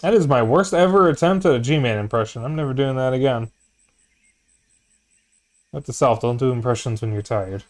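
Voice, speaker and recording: A man's voice: mid-range voice, normal speed, pauses often. A man streaming a video game, chatting casually and tiredly, with some swearing. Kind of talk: casual let's-play chat. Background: game music.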